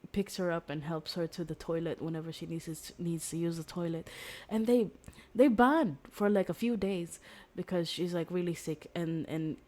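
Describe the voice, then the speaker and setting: A woman's voice: low-pitched, dark tone. A young woman streamer casually retelling a book's story, rambling with lots of fillers and restarts. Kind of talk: casual storytelling recap of a book.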